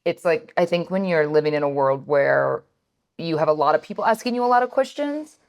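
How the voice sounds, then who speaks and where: A woman in her thirties co-hosting a podcast, telling family stories in a casual, animated chat with lots of fillers. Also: deep voice, a little fast. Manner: animated storytelling, many fillers. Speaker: podcast co-host.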